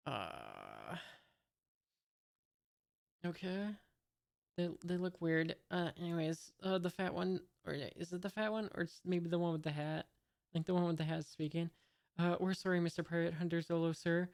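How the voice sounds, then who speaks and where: Smooth-voiced man musing over a comic. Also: high-pitched, sing-song, a little slow, pauses often, darkish tone. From United States. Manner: hesitant, musing, wry asides. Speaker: manga reader, channel host. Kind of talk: reading a comic aloud with commentary.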